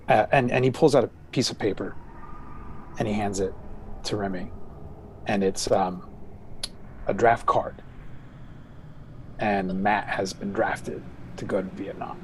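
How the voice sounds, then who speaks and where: A man's voice: lowish voice, steady tone, measured pace, pauses often, darkish tone, slight background noise. A man playing a tabletop horror game, speaking in character in a hesitant, stammering way with many restarts. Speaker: player. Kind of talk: in-character roleplay.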